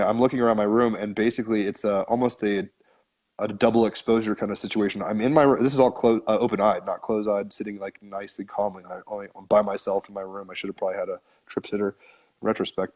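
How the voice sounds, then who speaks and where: A podcast guest with a fairly low male voice tells a long personal story in a loose, conversational way. His speech meanders, with frequent "like"s and casual swearing. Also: darkish tone. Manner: rambling, filler-heavy, frequent "like", casual swearing.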